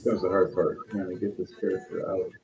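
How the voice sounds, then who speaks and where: A man narrating as game master in a relaxed, conversational way, with quick asides to the players. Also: sits low, faint music behind, poor audio.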